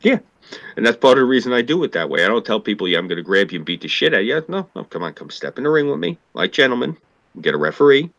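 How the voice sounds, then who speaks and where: A man's voice: medium pitch, very animated, fast, a bit bright, no room sound, dull audio. A man with a New York accent in a casual political chat, talking bluntly and with plenty of profanity.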